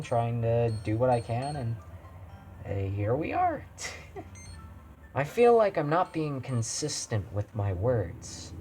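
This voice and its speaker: Male streamer, mid-pitched, chatty and halting, faint music bed. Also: darkish tone. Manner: rambling, halting, with many restarts. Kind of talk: casual live-stream talk.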